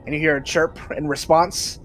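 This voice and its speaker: A man's voice: a little high, moderate pace. Man game master narrating unhurriedly. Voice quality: relaxed, hesitant with fillers.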